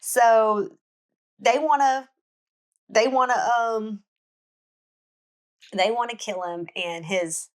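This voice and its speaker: A woman's voice: on the high side, slow, pauses often. A woman hosting a book podcast, retelling a novel's plot in a chatty storytelling way with many restarts. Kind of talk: casual book recap.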